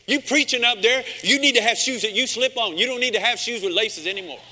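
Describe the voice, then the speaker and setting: A man's voice: extremely high pitch, quick pace, bright, forceful tone, in a large hall, full character voice. A male pastor voicing a blunt, bossy elderly woman from his church who scolds and gives orders. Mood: scolding.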